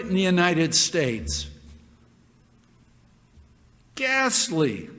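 A man preaches slowly in a church hall, his high, energetic voice leaning heavily on important words and circling back to repeated phrases. The room adds a long, ringing reverb.

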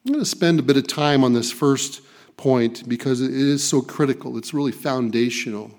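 A man's voice: mid-range voice, normal speed, darkish tone. A man preaching a sermon, reading scripture and stressing key phrases by repeating them. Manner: emphatic, repeats key phrases, occasional restarts.

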